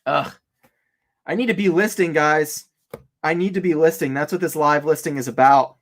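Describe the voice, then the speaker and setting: Excitable man with a higher voice, live-streaming. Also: moderate pace. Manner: excitable, chatty, laughs often, talks straight to viewers. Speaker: online reseller hosting a live stream. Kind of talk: casual live-stream chat. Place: home office.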